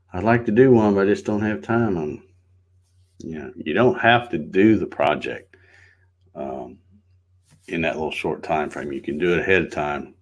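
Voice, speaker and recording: A middle-aged man with an extremely low-pitched voice hosts a casual morning livestream. He greets viewers by name in a relaxed, folksy way.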